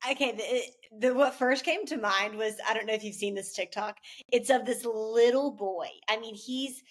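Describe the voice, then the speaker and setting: A woman's voice: on the high side, moderate pace. Enthusiastic, affirming woman podcast host. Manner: warmly enthusiastic listener, affirming. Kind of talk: conversational podcast interview.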